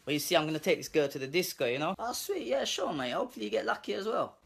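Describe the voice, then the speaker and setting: A man's voice: sits high, very animated, racing, vocal fry, fairly bright tone, slightly rough, full character voice. A man voicing an easygoing middle-aged dad with a breezy, chummy manner.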